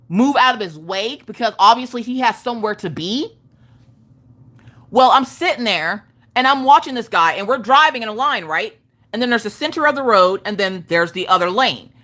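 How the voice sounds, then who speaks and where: A woman, telling a story in a casual livestream chat, animated, profane and emphatic. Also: a little high. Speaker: craft livestream host.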